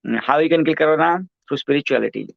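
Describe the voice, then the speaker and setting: A man's voice: on the high side, quick pace, creaky, dry recording, narrow, tinny audio. A man hosting his own show, giving a rambling motivational monologue, repetitive and preachy, full of "you know" and "right".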